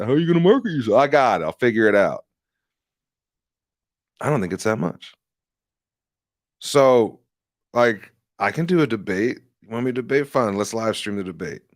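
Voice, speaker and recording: A man's voice: medium pitch, no echo, clean studio sound. A man hosting a livestream, ranting in a rambling, profane and sarcastic casual way. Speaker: livestream host and candidate.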